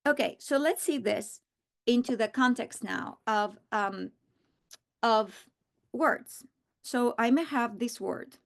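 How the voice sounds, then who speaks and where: A woman teaching a reading lesson, modeling words slowly and deliberately. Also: on the high side, gravelly. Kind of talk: instructional lesson.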